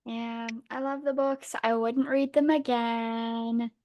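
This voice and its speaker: A young woman co-hosting a podcast, ranting in a blunt, profane, animated casual chat. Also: on the high side, slow, no echo, studio quality. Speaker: podcast co-host.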